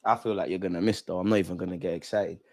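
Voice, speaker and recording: A young man hosting a live football watch-along, chatting in street slang and shouting when goals go in. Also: deep voice, steady tone, very fast.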